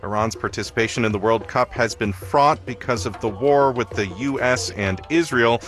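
A male newscaster reading a radio news bulletin in a crisp, formal way. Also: mid-range voice, normal speed, a bit bright.

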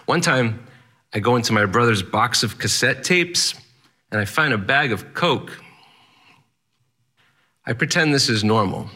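A man's voice: mid-range voice, animated, a little slow, pauses often, bright, forceful tone, slightly rough. A man telling a personal story in the first person, candid, plainspoken and wry.

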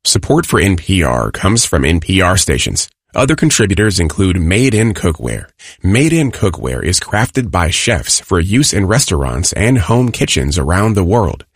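A man's voice: low-pitched, sing-song, normal speed, slightly rough, no room sound, studio quality. A man reading a sponsor announcement.

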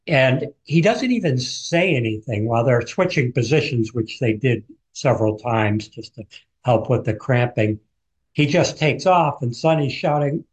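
A man speaking as an author on a radio interview. He retells events in a vivid, storytelling way at a middle pitch. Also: unhurried, a little mellow.

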